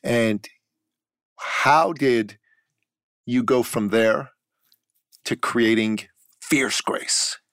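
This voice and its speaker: A man hosting a podcast interview, speaking in a measured way with warm praise for a past guest. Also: mid-range voice, clear, resonant tone, no echo, studio quality. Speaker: podcast host.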